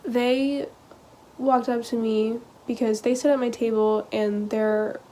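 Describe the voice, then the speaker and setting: A teenage girl vlogging, telling a personal story in a halting, casual way full of "like" and "um.". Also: fairly high pitch, flat delivery, warm tone. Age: teens. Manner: hesitant, halting, heavy use of "like" and "um".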